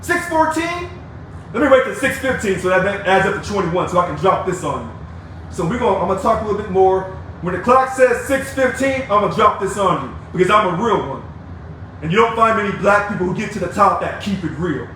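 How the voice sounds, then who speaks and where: A man's voice: high-pitched, fairly bright tone. An angry man giving a combative, preachy video rant to union members, calling people out and taunting them. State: angry, fired up. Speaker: union activist addressing members. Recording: echoey, distant mic with faint noise.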